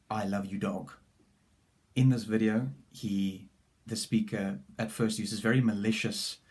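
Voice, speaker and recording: Guy walking through a lesson plan, lowish voice, pretty flat, steady and explanatory. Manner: measured, explanatory, with some restarts.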